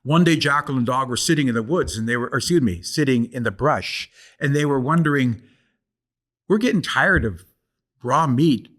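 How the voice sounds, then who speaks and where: An older man telling traditional stories aloud, with a rhythmic, repeating cadence. His voice sits mid-range and he slows down and leans on key words for effect. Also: medium pitch. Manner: rhythmic, repetitive storytelling cadence. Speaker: guest storyteller. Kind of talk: oral storytelling.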